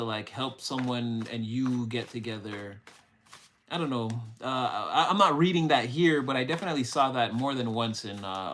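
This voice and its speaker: A young man with a medium-pitched, fairly bright voice gives a live-streamed tarot reading, rambling emotionally and swearing casually as he talks to his chat. There's a little hiss or hum on the recording.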